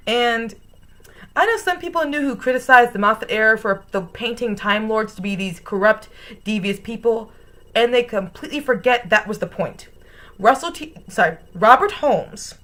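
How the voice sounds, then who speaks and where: An American woman giving a casual, opinionated fan review in an animated, emphatic way. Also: on the high side. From United States.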